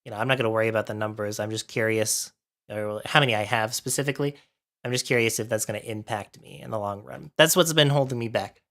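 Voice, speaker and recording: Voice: medium pitch, fast, a bit bright. A livestreamer chatting casually with viewers while setting up, a bit out of breath from allergies and thinking aloud.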